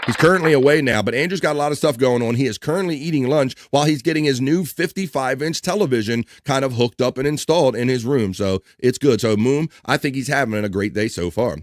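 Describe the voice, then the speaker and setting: A man's voice: medium pitch, no room sound, clean studio sound. A man hosting a live stream, chatting casually and reading viewer messages aloud in an upbeat way. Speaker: livestream host.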